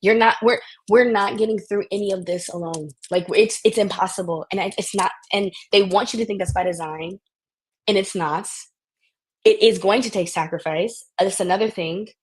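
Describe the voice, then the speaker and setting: A woman talking as a podcast guest in animated, casual conversation, often restarting her sentences. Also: medium pitch, moderate pace, breathy edge.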